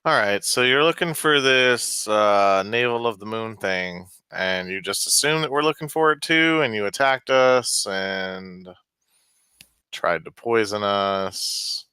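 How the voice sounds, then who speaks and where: Smooth, bright-voiced man, hesitant player. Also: lowish voice, slow, no room sound. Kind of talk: casual tabletop game chat. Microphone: computer mic over online voice chat.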